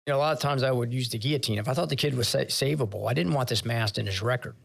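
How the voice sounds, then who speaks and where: Older man, gravelly, retired admiral, candid anecdotal interview talk. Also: mid-range voice, racing, fairly bright tone. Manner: candid, anecdotal, emotional when recalling sailors. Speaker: retired vice admiral, podcast guest. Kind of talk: conversational interview storytelling.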